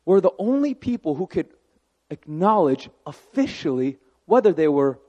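High-voiced pastor preaching in a hall. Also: male voice, moderate pace, dull audio. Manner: animated, conversational preaching with asides to the congregation. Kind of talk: sermon.

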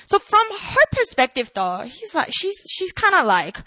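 A woman preaching a casual, conversational sermon, animated and full of asides to the congregation. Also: high-pitched, normal speed, no room sound.

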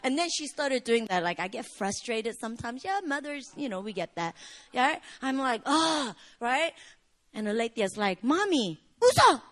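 High, lively woman preaching a sermon. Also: moderate pace. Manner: emphatic, swings between loud exclamations and soft low asides. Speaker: pastor.

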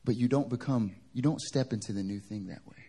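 Husky-voiced man preaching a sermon. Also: mid-range voice, fairly quick, mellow. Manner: conversational storytelling that builds to fervent preaching. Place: church service.

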